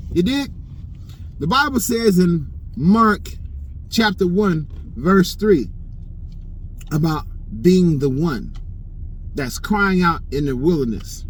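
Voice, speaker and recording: A man's voice: high-pitched, slight background noise, rough recording. A man preaching a motivational message in slangy street talk, emphatic and repetitive, often asking "you dig?". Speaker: online preacher.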